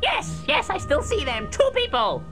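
A woman voicing a fearful, suspicious witch who summons the dead, gasping and shrieking her lines over loud background music. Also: high-pitched, huge pitch swings, moderate pace, voice pushed up. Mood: frightened. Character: frantic fearful female witch, a medium.

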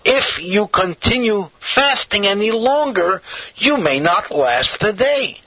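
A man's voice: high voice, breathy edge, no echo, pitched above the performer's own voice, exaggerated voice. A man voicing a cunning male stranger who tempts with mocking, persuasive questions. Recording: dull lo-fi recording.

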